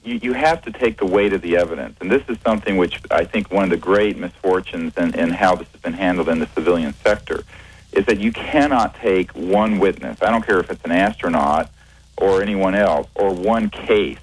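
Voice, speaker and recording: A man being interviewed on radio as a researcher, speaking in a measured, hesitant way with many fillers and restarts. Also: low-pitched, breathy edge, no echo, poor audio. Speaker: guest, researcher.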